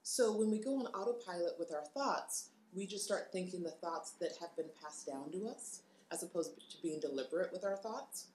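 A woman co-hosting a podcast, speaking in a calm, reflective way. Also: fairly low pitch, moderate pace, few pauses. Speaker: podcast co-host. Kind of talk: casual podcast chat. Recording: echoey room.

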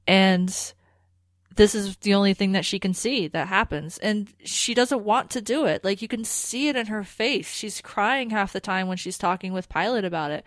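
A woman's voice: mid-range voice, dry recording. Chatty woman podcast host. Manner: animated, rambling, with restarts. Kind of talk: casual chat about a TV episode.

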